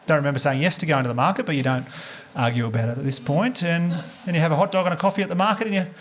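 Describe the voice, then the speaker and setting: Australian male stand-up, quick delivery, slightly high voice, storyteller who acts out the dialogue. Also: slight background noise. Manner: fast storytelling with acted dialogue and swearing. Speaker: stand-up comedian. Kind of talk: stand-up comedy set. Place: comedy club stage before a live audience.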